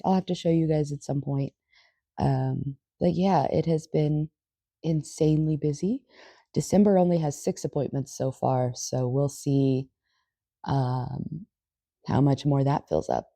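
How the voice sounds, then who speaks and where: A woman's voice: low voice, measured pace, vocal fry, mellow, dry recording, clean studio sound. A woman chatting casually in a home vlog, swearing now and then and chatting with her dog. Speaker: vlogger. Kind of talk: casual chat. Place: home, indoors.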